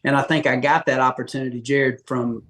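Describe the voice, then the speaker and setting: A middle-aged man from Georgia with a Southern accent, a podcast guest telling folksy, animated stories and acting out quotes. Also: medium pitch, brisk. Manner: folksy, animated, acts out quotes with big voice jumps. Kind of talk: casual storytelling interview.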